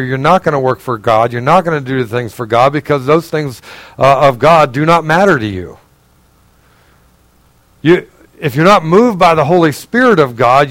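Male pastor, earnest conversational sermon, fairly high voice, direct questions, loud bursts and hushed asides, dry sound. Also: no room sound, poor audio. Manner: swings between raised emphatic passages and quiet, low asides.

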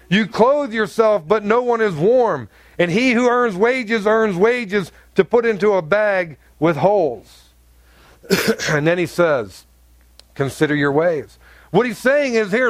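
A man's voice: high-pitched, expressive, unhurried, dry recording. A male pastor preaching an emphatic sermon, acting out voices in his examples. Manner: emphatic preaching with acted-out dialogue.

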